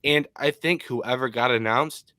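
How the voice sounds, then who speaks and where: A young adult man from Michigan co-hosting a casual MMA podcast, opinionated and animated with frequent ums. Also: mid-range voice, a little slow, dry recording, studio quality.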